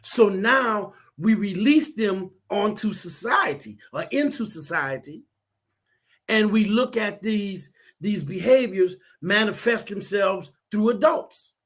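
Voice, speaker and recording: Here the same sort of speaker, a man who works as a counselor, takes his time, with a voice that sits high. On a relaxed talk show he tells stories animatedly, performing the quotes as he goes.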